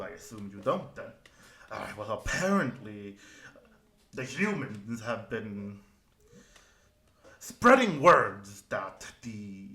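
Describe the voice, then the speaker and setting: A friendly dwarf station hand gossips heartily, dropping "aye" and "eh" between his words, as a man puts him on. The voice is bright and forceful. It rings in a roomy, echoey space. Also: lowish voice, heavily acted. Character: chatty friendly male dwarf station worker.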